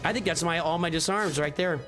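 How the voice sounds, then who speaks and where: A man hosts a live stream, chatting loosely and answering viewers as he plays. His voice sits a little on the high side. A clear bed of music runs under his talk. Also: a little fast. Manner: rambling, answers viewers' questions, off-hand asides. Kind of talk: casual live-stream chat while gaming.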